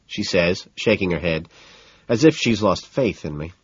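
A man narrating a first-person novel as an audiobook, in a cool, sardonic, deadpan manner. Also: deep voice, brisk, husky, no echo, muffled recording.

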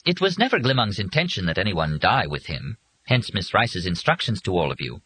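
A man voicing a high, prim robot chauffeur. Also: sing-song, brisk, sharp tone, breathy edge, full character voice, rough recording. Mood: courteous. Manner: courteous, formal, pedantic. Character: polite formal robot driver, male. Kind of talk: audiobook reading.

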